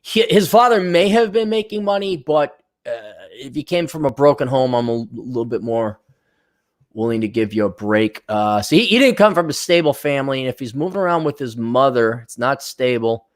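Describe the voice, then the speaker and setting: Male vlogger, crude and sarcastic, rambles with a lively up-and-down delivery. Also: mid-range voice, normal speed. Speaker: vlogger and consultant. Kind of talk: casual crude commentary.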